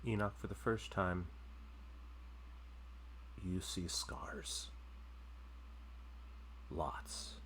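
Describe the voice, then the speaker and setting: A man with a very deep voice narrates a tabletop game at an unhurried pace. His tone is bright and forward. Faint noise sits behind him. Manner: slow, calm narration. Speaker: game master.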